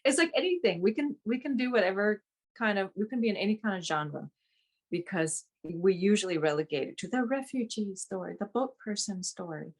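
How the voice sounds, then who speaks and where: A woman's voice: mid-range voice, lively intonation, a little fast. Chatty laughing woman from Vietnam. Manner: chatty, laughs often between phrases. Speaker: actress being interviewed. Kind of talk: casual interview chat.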